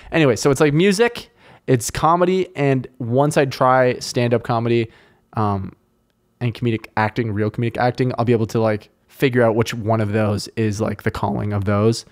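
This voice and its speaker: Excitable Canadian podcast host. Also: male voice, mid-range voice, normal speed. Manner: rambling, excitable, heavy swearing. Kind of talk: casual chat.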